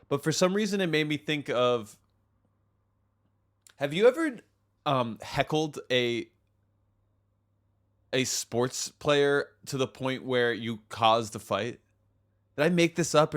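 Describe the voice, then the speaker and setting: A man's voice: medium pitch, fairly bright tone, clean tone. A man from the United States co-hosting a podcast, bantering loosely with lots of swearing and laughter. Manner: loose, profane, laughing a lot. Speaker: podcast co-host. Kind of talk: casual banter.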